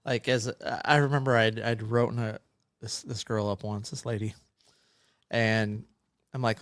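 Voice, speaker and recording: A man's voice: medium pitch, fairly even intonation, normal speed, a bit bright, no room sound. Rambling man, dry close mic. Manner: rambling, self-interrupting storyteller. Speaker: podcast co-host. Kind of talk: casual chat over beers.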